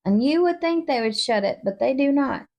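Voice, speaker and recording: A woman's voice: high-pitched, animated, moderate pace, darkish tone. A woman co-hosting a casual Bible study chat, reading verses aloud and talking them over in a chatty way. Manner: chatty, reads verses aloud and acts out quotes. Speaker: co-host of a Bible study podcast.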